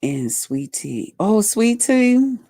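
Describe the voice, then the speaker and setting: A woman's voice: medium pitch, big pitch swings, slow, dark tone, dry recording, studio quality. A middle-aged woman chatting casually on a live stream, folksy and talkative. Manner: chatty, folksy, reads out viewer comments. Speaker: livestream host.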